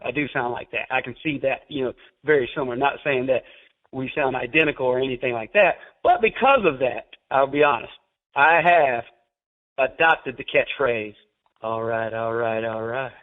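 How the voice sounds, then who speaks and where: A man with a Southern US accent hosting a podcast, chatty and quick to laugh, with plenty of "you know" fillers. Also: mid-range voice. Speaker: podcast host. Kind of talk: casual chat. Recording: tinny phone-like audio.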